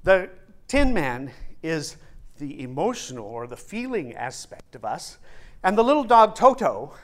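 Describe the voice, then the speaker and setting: Slow, animated male preacher. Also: a little high. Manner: deliberate, repeats key phrases for emphasis. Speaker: minister. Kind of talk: sermon.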